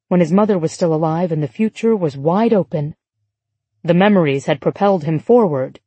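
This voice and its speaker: A woman narrating an audiobook in a steady, measured storytelling voice. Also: mid-range voice, breathy edge, no echo. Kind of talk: scripted narration.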